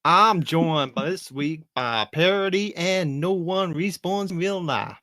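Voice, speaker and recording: A man putting on a hammy Southern cowboy old-timer voice on a podcast, slow and drawling. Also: fairly high pitch, pushed and bright, no room sound, clean studio sound, pitched below the performer's own voice. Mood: hammy folksy. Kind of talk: podcast joke voice.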